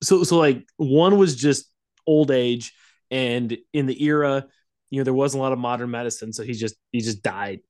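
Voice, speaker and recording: A man's voice: mid-range voice, normal speed, darkish tone, no room sound, clean studio sound. A young man co-hosting a podcast, telling a story in a rambling way with frequent laughs. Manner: rambling, laughing storyteller who acts out quotes. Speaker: podcast co-host. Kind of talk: casual storytelling chat.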